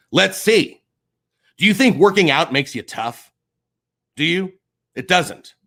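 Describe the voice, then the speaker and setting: An angry man on a livestream, swearing and swinging between low mutters and shouts. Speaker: streamer. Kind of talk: heated livestream rant.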